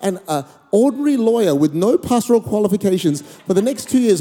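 A middle-aged Australian man preaching a storytelling sermon, animated, acting out conversations and shouting his exhortations. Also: high-pitched, fast, hardly any pauses, some chatter behind, slight background noise. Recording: echoey hall reverb.

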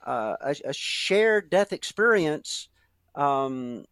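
A man's voice: fairly high pitch, very animated, slow, fairly bright tone, no room sound, studio quality. A man as a guest author, earnestly explaining his point with many ums and uhs. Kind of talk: conversational interview.

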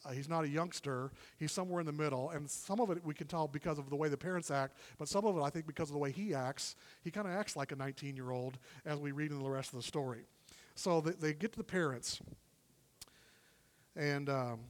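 A male guest preacher gives a sermon in a conversational, animated way and acts out the quoted dialogue as he retells it. His voice sits a little higher than most men's. The sound trails off in the long reverb of a church hall. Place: church service in a warm room.

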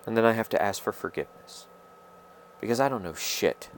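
Addressing viewers directly, this man rambles through a personal monologue, stumbling and stammering while hunting for the right words. His voice is on the low side and expressive, with a little hiss or hum in the recording.

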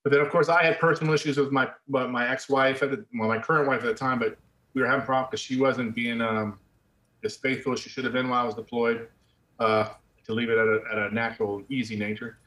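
A man's voice: medium pitch, steady tone, fast talker, fairly bright tone. A middle-aged man, an army veteran, telling his story bluntly and conversationally in casual interview talk. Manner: blunt, conversational, drops "man" and the odd curse. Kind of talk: candid personal storytelling. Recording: roomy echo.

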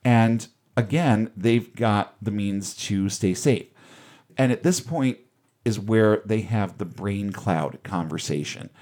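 Wry low-voiced man recapping a film. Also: slow pace, a little mellow. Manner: wry, casual, swears offhandedly. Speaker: podcast host recapping a film. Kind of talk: casual recap chat.

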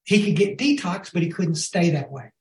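A man's voice: sits high, lively intonation, moderate pace, darkish tone. A man giving a recovery talk to a group, telling folksy stories and often asking his listeners if they follow. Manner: folksy storytelling, addresses the audience as y'all. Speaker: recovery speaker. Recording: roomy echo.

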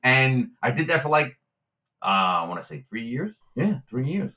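A man telling a story as a guest in casual conversation, animated and acting out the voices of the people he quotes. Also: medium pitch, moderate pace, phone-quality sound.

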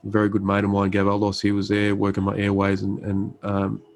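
With a completely flat delivery and a fairly low, darkish voice, a thirty-something army medic talks a little fast as a guest telling a story. He's easygoing, restarting and using fillers frequently, and acts out what was said. The audio is poor.

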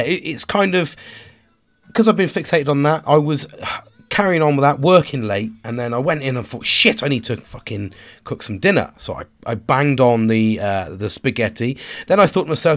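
A man, stressed and tired, talking frankly to the camera in a rambling, sweary confessional monologue. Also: mid-range voice. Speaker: vlogger and father.

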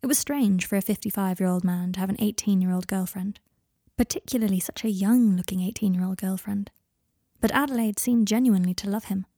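Calm woman reading fiction. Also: mid-range voice, a little fast, no echo, studio quality. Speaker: narrator. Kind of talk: fan fiction audiobook narration.

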